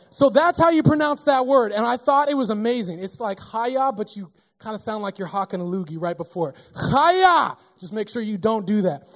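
A man with a notably high voice delivers a sermon in a church. He preaches in an animated, casual way, joking with the congregation as he teaches. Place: church sanctuary.

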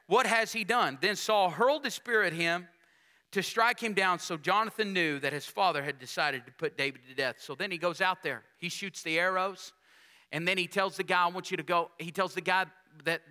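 Male preacher, high and very bright tone, call-and-response sermon with dramatic scripture reading. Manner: call-and-response preaching, rhetorical questions to the congregation; reads scripture aloud with dramatic emphasis.

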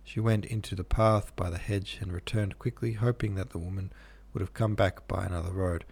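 A man narrating a classic novel aloud in a measured, even manner. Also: low-pitched, gravelly, slightly rough. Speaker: audiobook narrator.

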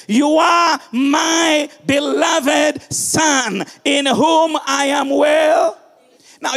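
A middle-aged male pastor preaching an impassioned sermon, shouting some lines and dropping low and quiet on others. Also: gravelly, in a large hall.

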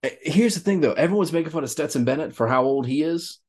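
A man's voice: on the high side, lively intonation, quick pace, darkish tone. A young man co-hosting a casual sports podcast, joking loosely and talking trash with slang. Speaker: podcast co-host.

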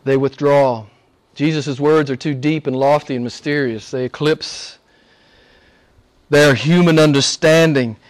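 Male pastor, slightly high voice, emphatic sermon delivery, repeats himself for stress. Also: steady tone, measured pace. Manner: emphatic, repeats phrases, asks "right?" of the congregation. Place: church service.

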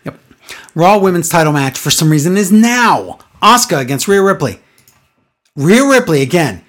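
A woman's voice: sits low, very animated, moderate pace. A woman talking through last night's wrestling show in a casual podcast chat, her voice leaping up and down as she reacts. She sounds exasperated and sarcastic, piling on complaint after complaint. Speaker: podcast co-host.

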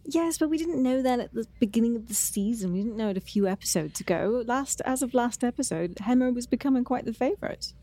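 Female co-host, enthusiastic chatter, warm voice pitched a little high. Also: expressive, fast, hardly any pauses. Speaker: podcast co-host. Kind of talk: casual chat.

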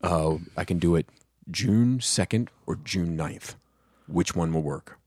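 A man imitating his terse, withholding father in a flat voice during a casual podcast chat. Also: low-pitched, a little slow, husky, dry recording, clean studio sound, voice pushed down. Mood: cryptic. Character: man's terse, cryptic middle-aged father.

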